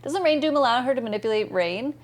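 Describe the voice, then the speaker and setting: A woman's voice: on the high side, lively intonation, fast. A woman from the American Southeast, chatting casually and enthusiastically with viewers while streaming a game. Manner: chatty, bubbly, reads chat messages aloud and answers viewers. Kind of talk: casual live-stream chat while gaming.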